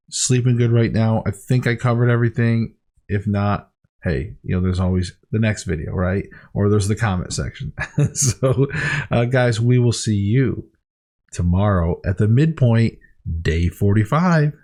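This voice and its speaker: A man's voice: mid-range voice, mellow. A man talking candidly to camera in a diet vlog, rambling and heartfelt with frequent restarts. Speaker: weight-loss diary vlogger.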